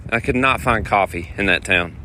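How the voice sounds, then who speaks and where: Rambling touring musician outdoors. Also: male voice, lowish voice, moderate pace. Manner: rambling, animated storytelling. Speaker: touring guitar player. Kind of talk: casual vlog storytelling. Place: outdoors on city streets. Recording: outdoor street noise and wind.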